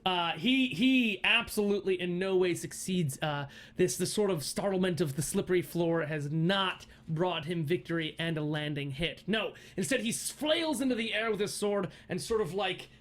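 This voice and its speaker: A man narrating as game master of a tabletop game, halting with fillers and restarts and laughing often. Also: sits high, a bit bright.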